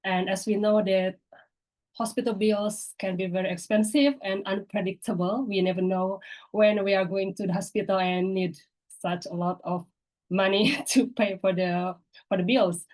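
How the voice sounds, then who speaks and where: A woman, hoarse from a cold, giving a hesitant practice presentation over a video call, with many fillers. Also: medium pitch, fairly even intonation, moderate pace, darkish tone, poor audio. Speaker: workshop participant.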